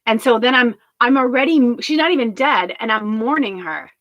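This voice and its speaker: A woman's voice: fairly high pitch, animated, normal speed, a bit bright, no echo, lo-fi sound. Woman rambling emotionally, close and dry. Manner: rambling, emotional, swears freely. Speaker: spiritual medium streamer. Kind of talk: candid livestream monologue.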